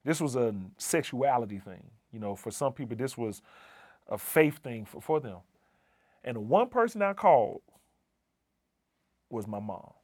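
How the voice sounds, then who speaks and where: A man's voice: mid-range voice, sing-song, a little slow, pauses often, a little mellow, no room sound, studio quality. A middle-aged man, an assistant dean, telling a personal story in an earnest, emphatic way and repeating key phrases for weight. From Southern United States. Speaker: assistant dean of community and inclusion.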